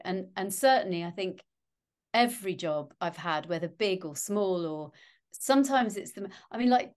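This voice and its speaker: A woman's voice: medium pitch, lively intonation, moderate pace. A middle-aged woman, an actress, chatting as an interview guest and telling self-mocking anecdotes.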